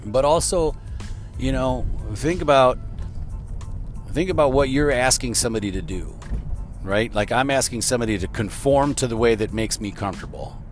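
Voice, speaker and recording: A man's voice: medium pitch, moderate pace, soft background music. Rambling man podcasting from his car. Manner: rambling, conversational, laughs easily. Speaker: podcast host. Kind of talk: casual chat while driving to work.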